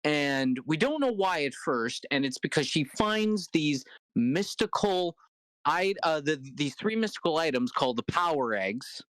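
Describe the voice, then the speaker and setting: A man's voice: a little high, lively intonation, unhurried, a bit bright, clear, resonant tone, no echo, rough recording. A man co-hosting a casual podcast, leading the episode recap with many fillers and restarts.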